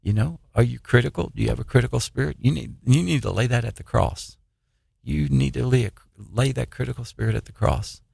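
A man giving an informal sermon on his own program, reading scripture haltingly and pressing listeners with repeated questions. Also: mid-range voice, vocal fry, a little mellow, husky, no room sound, clean studio sound. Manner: halting, restarts and "uh" while reading verses, then urgent repeated questions.

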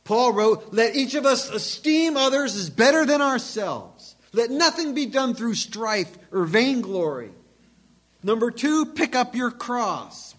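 A man delivers a sermon in a church, his voice sitting high for a man. He drives home points with sudden loud emphasis and then pulls back to a hushed tone. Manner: emphatic, dramatic swings in volume and pitch. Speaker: pastor.

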